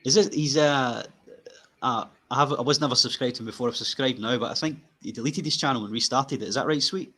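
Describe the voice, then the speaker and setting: A man's voice: medium pitch, fast, bright, forceful tone. A man co-hosting a livestream, chiming in with short replies and suggestions in casual chat. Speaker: co-host.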